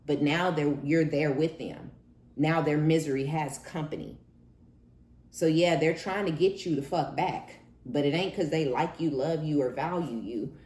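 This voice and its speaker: A woman's voice: sits low, measured pace, a little mellow, reverberant. A woman giving a casual tarot reading, blunt and profane, acting out the people she talks about. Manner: blunt, profane and dramatic, acts out quoted people. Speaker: tarot reader.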